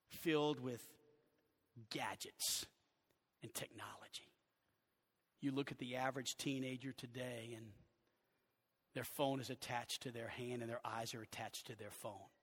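A man preaching a sermon as pastor, earnest, dropping to hushed low phrases and rising for emphasis. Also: fairly even intonation, unhurried, long pauses, husky. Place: church sanctuary. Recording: long church hall reverb.

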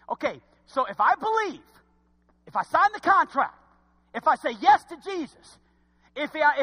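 A man preaching a sermon to his congregation, folksy and direct, swinging from hushed asides to shouts. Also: very high-pitched. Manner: folksy, talks straight to the congregation. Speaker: pastor. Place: church sanctuary. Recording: long hall reverb.

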